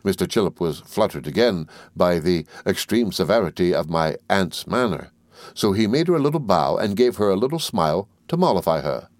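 A man narrating a classic novel as an audiobook reader in a measured, even delivery. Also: low-pitched, no echo.

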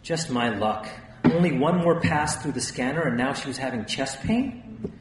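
A man's voice: medium pitch, lively intonation, normal speed. Man narrating a memoir, echoey and distant. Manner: tense first-person storytelling. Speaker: audiobook narrator. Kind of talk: first-person memoir narration. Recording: roomy, distant, faint hiss.

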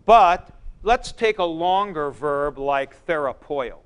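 A man's voice: fairly high pitch, animated, slow pace, slight background noise. A man lecturing a class, thinking aloud and repeating key points for emphasis as he writes on a board in a classroom. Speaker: Greek teacher.

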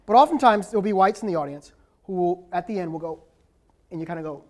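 A man's voice: sits high, lively intonation, a little fast, long pauses. An emphatic male professor delivers a lecture to a live audience, pressing his points and fielding questions. He keeps checking in with his listeners, tagging his points with a questioning "right?".

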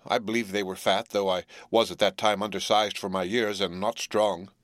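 A man reads a classic novel aloud in a measured, deliberate way. His voice sits low, and the recording is dry and close to the mic, with no room sound. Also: flat delivery, dry recording. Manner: measured, deliberate literary reading. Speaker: audiobook narrator. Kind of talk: scripted narration of a classic novel.

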